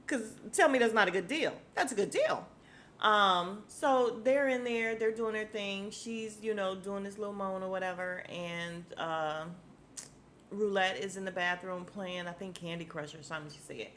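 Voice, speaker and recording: A woman with a mid-range, slightly bright voice speaks at a moderate pace with a little hiss or hum in the audio. Hosting a podcast, she recaps a TV episode in a casual, slangy way, acting out the characters' lines and laughing often.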